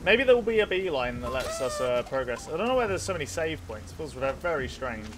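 A man's voice: mid-range voice, big pitch swings, quick pace, noisy background. A young man with a nasal voice streaming a video game, chatting casually with his chat, swearing freely and rambling while he plays. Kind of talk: casual let's play commentary with chat.

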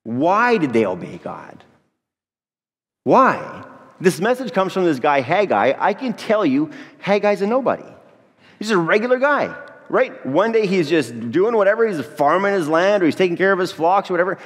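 In a church sanctuary thick with long reverb, a male pastor preaches with humor and speaks right to the congregation. His high, fairly bright voice has a sing-song lilt and moves at a moderate pace.

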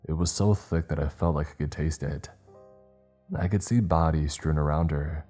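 A man narrating a horror story in a slow, measured storytelling voice. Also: a bass voice, steady tone, warm tone. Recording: faint background music.

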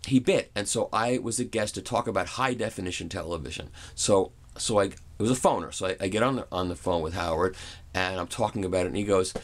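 A man's voice: low-pitched, fast. A middle-aged man casually telling an amused anecdote, with frequent restarts. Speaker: audio reviewer and vlogger. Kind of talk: casual storytelling.

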